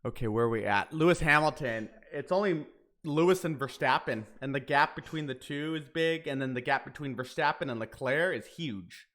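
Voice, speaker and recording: A man hosting a casual race watch-along stream, talking excitably and swearing now and then. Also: fairly high pitch, moderate pace. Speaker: livestream host.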